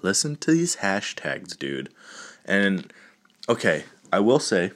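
A man hosts his own podcast alone, riffing casually and cracking crude jokes with frequent laughter. His voice sits low and his pace is unhurried. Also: sing-song, fairly bright tone. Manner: crude, joking, laughs often. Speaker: podcast host. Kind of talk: casual solo podcast talk.

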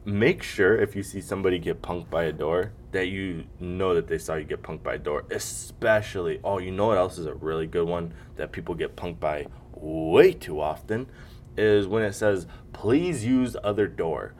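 A man's voice: low voice, moderate pace, darkish tone, slight background noise. A man hosting a solo podcast, joking and ranting casually with lots of swearing and mocking impressions. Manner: casual, profane, jokey, slips into mocking impressions. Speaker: podcast host. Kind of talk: solo comedic podcast rant.

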